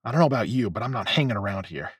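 A man's voice: lowish voice, expressive, racing, breathy edge, no echo. Man voicing blunt warehouse veteran, matter-of-fact, wary, dry close sound.

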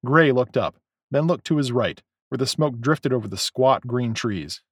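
A man narrating a novel as an audiobook, in a measured, expressive storytelling way. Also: medium pitch, husky, no room sound, studio quality. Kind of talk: scripted narration.

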